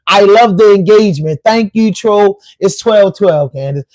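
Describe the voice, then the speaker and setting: A man's voice: high voice, unhurried, a little mellow, no room sound. A man with a Baltimore accent hosting a podcast live stream, talking casually and trading rhyming insults with trolls. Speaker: podcast host.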